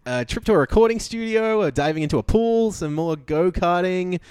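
A man's voice: high-pitched, lively intonation, brisk, darkish tone, clear, resonant tone, no room sound, clean studio sound. A man co-hosting a podcast, recapping a reality show in chatty, laughing talk full of fillers. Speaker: podcast co-host. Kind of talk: casual recap chat.

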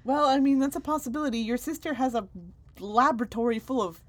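A woman's voice: high voice, quick pace, no room sound. A woman co-hosting a comedy podcast, trading playful, teasing accusations in casual banter. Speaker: co-host.

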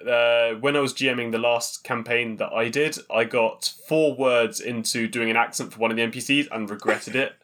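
A man with a middle-pitched, bright and forceful voice, speaking as a podcast regular. He tells wry, jokey anecdotes in a relaxed chat. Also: moderate pace, few pauses. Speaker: podcast regular and game master. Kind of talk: casual chat.

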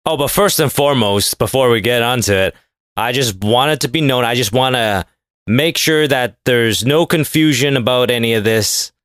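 A man's voice: medium pitch, fairly bright tone, no echo, studio quality. A man hosting his own podcast, rambling in a sarcastic, irreverent solo monologue. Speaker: podcast host.

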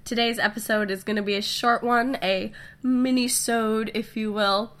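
A woman's voice: fairly high pitch, steady tone, moderate pace, a bit bright. A young woman with a cold, her voice nasal and stuffy, hosting a casual, chatty podcast episode on her own. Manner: chatty and upbeat, with fillers and small laughs. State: sick with a stuffy nose. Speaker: podcast host. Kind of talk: casual solo podcast talk.

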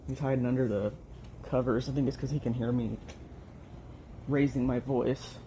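A woman's voice: very deep voice, steady tone, normal speed, mellow, slight background noise. A young woman venting at home in a rambling, frustrated way, swearing often. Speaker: vlogger. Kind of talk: casual venting monologue. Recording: dull lo-fi home recording.

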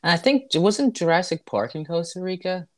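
A man co-hosting a podcast, reading out shout-outs with mock formality and playful teasing. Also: high voice, lively intonation, normal speed. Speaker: podcast co-host. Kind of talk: casual comedic banter.

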